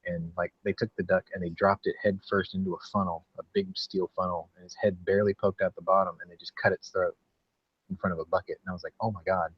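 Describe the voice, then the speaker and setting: A man hosting a casual podcast chat, relaxed, laughing often and swearing freely. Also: sits low, fast talker, highs cut off, slight background noise. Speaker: podcast host.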